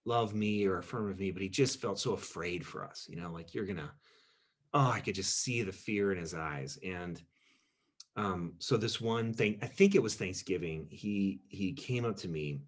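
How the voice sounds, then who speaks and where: A pastor speaking to his group in a casual teaching talk, rambling and self-deprecating and peppering his stories with "you know". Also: deep voice. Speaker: pastor leading a group discussion.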